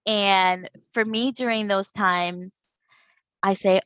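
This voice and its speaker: A woman's voice: medium pitch, steady tone, slow pace, a bit bright, no room sound, muffled recording. A woman in her thirties talking candidly and reflectively as a podcast guest, laughing often. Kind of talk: casual conversation.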